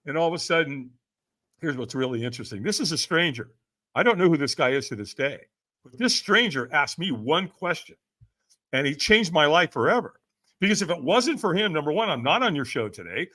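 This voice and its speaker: A middle-aged man tells a personal story as a podcast guest in a high, forceful voice. His pitch leaps around as he acts out what other people said. The telling stays animated from line to line. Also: a little fast. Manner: acts out quoted voices with big swings.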